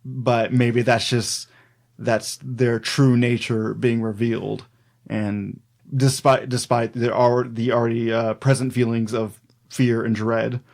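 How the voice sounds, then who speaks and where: A man co-hosts a folklore podcast in relaxed, unscripted chat. His pitch sits in an ordinary middle range, and he rambles through his notes with frequent fillers and easy laughs. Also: takes it slowly, gravelly. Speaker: podcast co-host.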